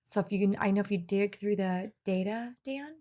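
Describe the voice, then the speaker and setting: Earnest, mid-pitched woman co-hosting a podcast. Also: fairly quick, dark tone. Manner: earnest, laughs easily. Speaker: podcast co-host. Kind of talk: casual business podcast chat.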